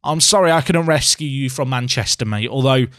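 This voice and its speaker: A man's voice: medium pitch, a little fast, a bit bright, dry recording, studio quality. A young man giving casual, self-mocking commentary on a game he is playing and talking back to it. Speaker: gaming YouTuber.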